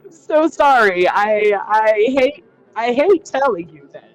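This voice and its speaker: A woman's voice: a little high, lively intonation, unhurried, no room sound, soft background music, poor audio. A woman playing her character in a tabletop game, rambling and chatty, full of filler words. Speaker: player.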